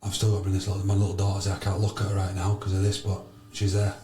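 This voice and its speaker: Loud, blunt man in an echoey sauna. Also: sits low, monotone, very fast. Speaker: podcast guest, charity founder. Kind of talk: animated storytelling with swearing. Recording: roomy echo.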